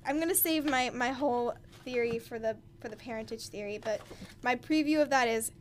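A young woman talking casually as co-host of a book discussion, with a chatty, excitable manner full of "like". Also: a little high, a little fast, a crowd in the background. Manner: chatty, lots of "like", excitable rants. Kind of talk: casual chat. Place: home.

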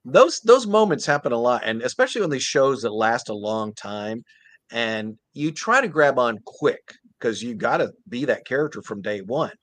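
A man, a voice actor guest, telling stories in an animated, earnest way during a casual interview. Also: mid-range voice, normal speed, dry recording.

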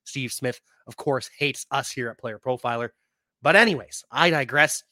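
A man's voice: medium pitch, normal speed, sharp tone, dry recording, studio quality. A man hosting a fantasy football podcast, talking casually and animatedly about player injuries, sometimes laughing at his own points. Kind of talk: casual sports talk.

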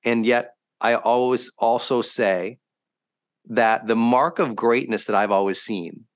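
A man hosting a podcast, a high-performance coach telling stories in a lively, conversational way and acting out quotes with sudden bursts. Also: measured pace. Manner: animated, swings into loud acted quotes. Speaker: host.

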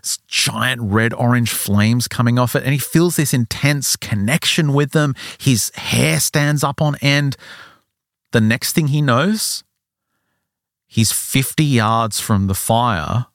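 A man hosting a podcast, telling a story in a casual, animated way and acting out the characters' lines. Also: mid-range voice, no room sound, clean studio sound.

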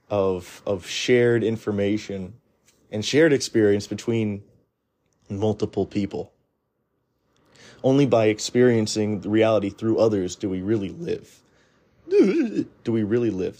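Blunt man rambling in a low mellow voice. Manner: blunt, rambling, frequent restarts and "you know" fillers. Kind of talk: casual opinionated monologue.

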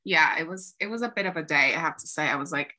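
A fast-talking woman with a low voice, a songwriter and producer guesting on an interview, chats casually and acts out quoted conversations full of "like." There's a little hiss or hum in the audio.

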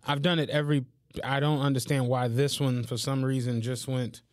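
A young man co-hosting a podcast, telling animated, profane stories in casual chat. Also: mid-range voice, moderate pace, dry recording, clean studio sound. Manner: animated storytelling, swearing. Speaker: podcast co-host.

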